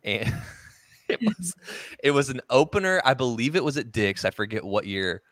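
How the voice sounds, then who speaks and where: A man's voice: mid-range voice, very animated, normal speed, a bit bright, dry recording, clean studio sound. A man hosting a casual chat, easygoing and enthusiastic as he listens and tells his own stories.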